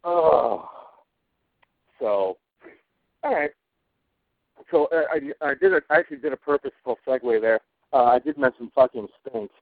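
Swearing heavily, this man vents about TV as co-host of a casual talk show, cranky and profane throughout. He speaks at medium pitch with animation and a moderate pace, pausing often, over dry, tinny, phone-quality audio with no echo.

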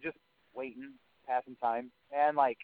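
A man's voice: medium pitch, fairly even intonation, a little slow, dry recording. A man casually telling a story as a podcast co-host, swearing freely and saying "like" often. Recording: dry, narrow phone-like sound.

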